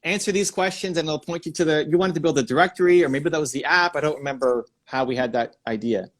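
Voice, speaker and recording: A man hosting a live stream, giving energetic advice and thinking out loud in quick bursts. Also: a little high. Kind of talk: excited live-stream coaching chat.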